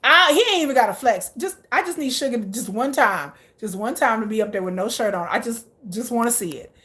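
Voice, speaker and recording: Woman vlogger, slightly high-pitched, excitable casual chatter, laughs a lot. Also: a little fast. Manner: reacts aloud to viewer comments. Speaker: K-pop vlogger. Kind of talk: casual chat.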